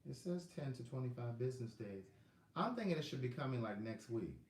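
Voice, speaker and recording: A man's voice: mid-range voice, very animated, brisk. Chatty man on an echoey phone stream. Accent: Southern US. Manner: chatty, rambling, talks to viewers by name while checking his phone. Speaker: livestream host selling books. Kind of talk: casual live chat with viewers. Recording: echoey room.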